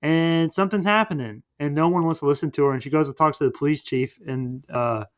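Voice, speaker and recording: A man's voice: mid-range voice, fairly even intonation, fast. A man hosting a podcast, casually recapping a movie in a rambling way full of fillers. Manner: rambling, filler-heavy retelling. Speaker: podcast host.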